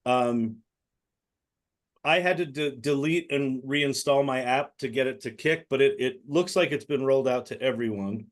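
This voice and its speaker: A man on a group video call explains things in a halting, casual way. He stops and restarts often, filling gaps with fillers. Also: medium pitch. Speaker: meeting participant demoing a tool.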